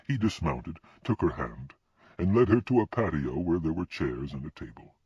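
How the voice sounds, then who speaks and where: A man reads a fantasy novel aloud in an expressive way. His voice is low and husky with a lively lilt. It is a dry, dull, lo-fi recording. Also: normal speed, no room sound. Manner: expressive reading. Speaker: audiobook narrator. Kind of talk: scripted narration.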